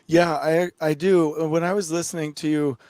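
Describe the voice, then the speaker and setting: A man's voice: a little high, flat delivery, normal speed, no echo. Effusive, emotional man on a panel. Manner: effusive and emotional, warm praise. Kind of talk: online conference chat.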